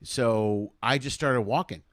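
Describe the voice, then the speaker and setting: A man's voice: mid-range voice, takes it slowly, no echo, clean studio sound. A man hosting a casual comedy chat, easygoing and agreeable, telling his own stories and laughing along with his guest. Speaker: host.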